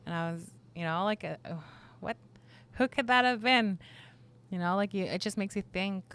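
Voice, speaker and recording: Bright-voiced woman telling a spooky story. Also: medium pitch, moderate pace, clean tone. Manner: chatty, with frequent "like" and "you know". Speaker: podcast co-host. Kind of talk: casual storytelling chat.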